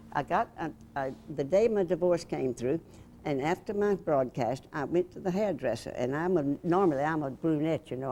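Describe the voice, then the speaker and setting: An older woman reminisces in a low, deep voice, spinning a lively anecdote and acting out the people in it. She talks in a chatty interview manner with a faint hiss of noise behind her. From Alabama, USA. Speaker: interviewee, former radio host and reporter. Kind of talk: storytelling reminiscence.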